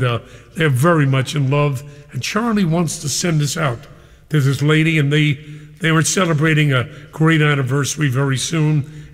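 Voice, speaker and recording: Older male radio DJ, playful and chummy, slightly high voice with a long echo tail. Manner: exuberant, chummy, playful banter. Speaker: radio disc jockey. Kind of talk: live radio show hosting.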